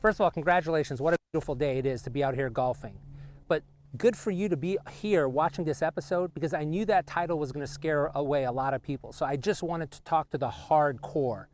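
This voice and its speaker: A middle-aged man hosting an energetic motivational talk outdoors on a golf course, speaking punchily and directly to the viewer. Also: fairly high pitch, a little fast, a little hiss or hum. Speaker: host. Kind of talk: motivational monologue.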